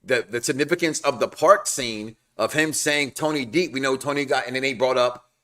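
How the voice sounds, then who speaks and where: A man's voice: mid-range voice, moderate pace, fairly bright tone. A man co-hosting a TV recap show in casual, slangy chat, repeating phrases for emphasis.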